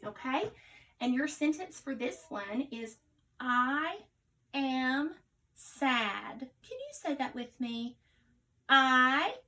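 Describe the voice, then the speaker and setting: A woman's voice: fairly high pitch, fairly bright tone, distant mic, poor audio. A woman teaching a phonics lesson to young children, sounding out each letter patiently and cheerfully encouraging her viewers as friends. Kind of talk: early-reader phonics lesson.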